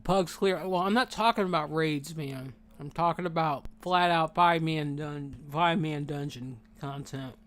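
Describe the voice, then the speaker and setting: A man chatting casually while he plays a game, rambling and animated, saying dude a lot, and talking with his mouth full while he eats. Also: on the high side, normal speed, few pauses. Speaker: gaming streamer. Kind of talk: casual gameplay chat.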